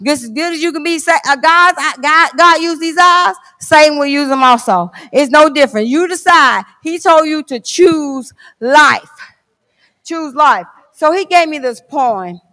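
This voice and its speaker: A woman's voice: high voice, unhurried, sharp tone, big-room sound. A woman giving a fervent guest sermon in church, reading scripture and a poem and repeating phrases for emphasis. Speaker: guest preacher.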